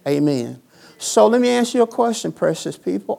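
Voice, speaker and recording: Gravelly pastor preaching call-and-response. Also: medium pitch, very animated, brisk, warm tone. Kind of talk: sermon. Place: church sanctuary.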